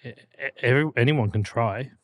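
A man's voice: mid-range voice, brisk, dry recording. A man with an English accent trading comedic interview banter. His replies come out dry, blunt and unimpressed. The sound is close and dead, with no room around it. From England. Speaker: interview guest.

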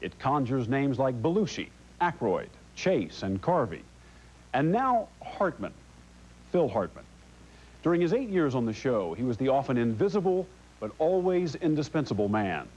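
A male TV correspondent reads scripted narration in a polished broadcast manner. His intonation rises and falls a lot, at a middle pitch. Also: big pitch swings, moderate pace, darkish tone, slightly rough, lo-fi sound. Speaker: TV news magazine correspondent. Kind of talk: scripted news narration and interviewing.

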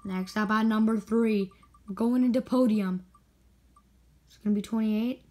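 A woman hockey video creator giving excited spin-the-wheel commentary with indignant outbursts. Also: medium pitch, measured pace, pauses often, low-quality recording.

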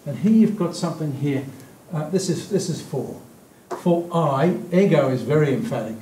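A man teaching a Bible study in a warm, mellow voice. He talks in a halting, thoughtful way with fillers and restarts, and he slows down on key words. The recording sounds roomy and echoey, with a faint low rumble behind him. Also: animated. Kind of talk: teaching, explaining scripture.

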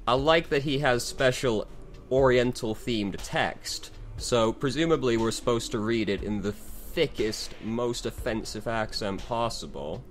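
A man's voice: fairly low pitch, animated, takes it slowly, faint music behind. A man giving dry, sarcastic commentary over a game he dislikes, swearing freely. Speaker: game reviewer.

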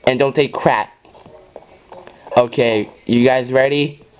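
A man hosts his own gameplay channel, rambling through casual commentary in a mid-pitched voice. He gets excitable and jumps up into high yells. The recording sounds dull and lo-fi. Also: takes it slowly, clear, resonant tone.

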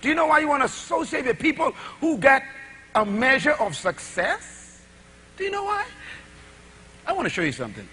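A middle-aged man preaching a sermon, with dramatic swings between shouted lines and hushed asides, full of rhetorical questions. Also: extremely high pitch, very animated, normal speed, pauses often, a little hiss or hum.

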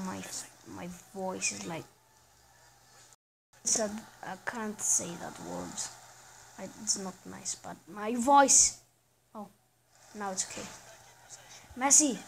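A woman hosting a gaming channel provides casual commentary over a soccer video game, chatting and reacting out loud to each play and frequently trailing off. Her medium-pitched voice has vocal fry, and there's background noise.

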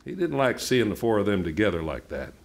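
A man reads a novel aloud at a book event in an unhurried, plainspoken way. His voice sits a little low, and he lets the story carry itself. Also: sing-song, gravelly. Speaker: reader.

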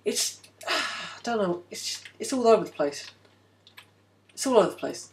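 A man's voice: high-pitched, expressive, moderate pace. A man hosting a casual gameplay video, rambling and joking with frequent self-interruptions. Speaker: game video host.

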